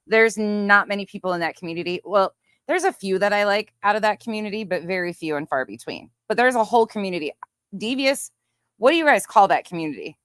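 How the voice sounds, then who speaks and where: A woman's voice: mid-range voice, lively intonation, quick pace, fairly bright tone, clear, resonant tone, no echo. Blunt woman streamer, dry close sound. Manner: blunt, profane gossip. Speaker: livestream host. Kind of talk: casual livestream commentary.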